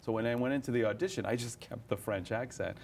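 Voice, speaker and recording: A young man, an actor, chatting in an interview about his stage roles, animated, often laughing and restarting his sentences. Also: mid-range voice, fast talker, creaky, a little hiss or hum. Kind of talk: casual interview chat.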